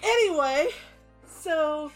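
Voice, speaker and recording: High-voiced young woman recapping with profanity. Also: animated, faint music behind. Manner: fast, profane, giggly recap with quoted voices. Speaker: player recapping a tabletop game. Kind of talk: casual chat.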